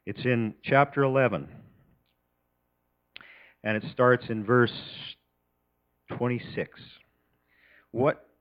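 A man giving an earnest, halting address to a church congregation before communion. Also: medium pitch, lo-fi sound. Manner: earnest, halting, many restarts. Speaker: church leader leading communion.

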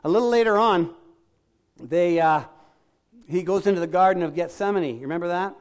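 A man's voice: high-pitched, fairly quick. A middle-aged man preaching a sermon in a conversational way, acting out quoted lines and asking the congregation questions. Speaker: pastor.

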